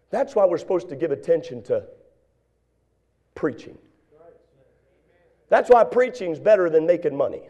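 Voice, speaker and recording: A pastor preaching a sermon in church, swinging from hushed, quiet lines to shouted, fervent exhortation. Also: male voice, a little high, very animated, normal speed, long pauses, lo-fi sound.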